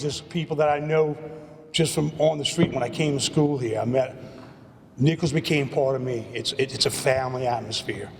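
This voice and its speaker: Late-50s man, slightly high voice, rambling podium speech, long hall reverb. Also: a little hiss or hum. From Louisiana, USA. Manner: rambling, repeats words, storyteller. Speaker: hall of fame inductee. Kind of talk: acceptance speech.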